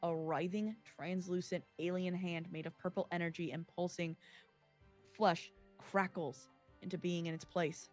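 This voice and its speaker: A woman's voice: lowish voice, level tone, measured pace, darkish tone, faint music behind. A woman narrating a tabletop game as game master, describing scenes in detail with small slips.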